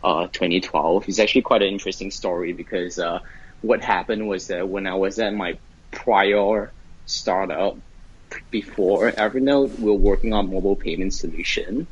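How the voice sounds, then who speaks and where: Low husky man on earbud mic. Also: moderate pace, muffled recording. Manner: relaxed, many fillers and laughs. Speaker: podcast guest, investor. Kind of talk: casual interview conversation. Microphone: wireless earbuds.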